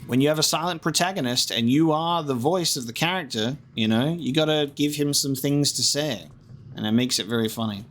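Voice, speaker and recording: A man's voice: medium pitch, fairly quick, a bit bright, slight background noise. Chatty man narrating his gameplay. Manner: chatty, jokey, talks to himself while playing. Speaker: gaming streamer. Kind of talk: casual gameplay commentary.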